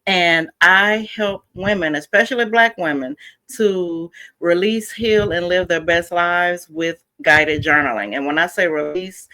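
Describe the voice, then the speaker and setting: Middle-aged woman coach guesting on a podcast, bright voice, lots of you know and uh. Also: lowish voice. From Houston, Texas. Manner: earnest, conversational, many fillers. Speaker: guest, mental health coach. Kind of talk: casual interview talk.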